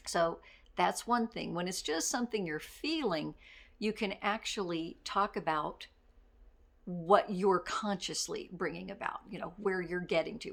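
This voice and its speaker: Gravelly-voiced woman coaching candidly. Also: fairly low pitch. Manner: candid, self-deprecating, with quick laughs. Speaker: life coach. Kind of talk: casual motivational talk.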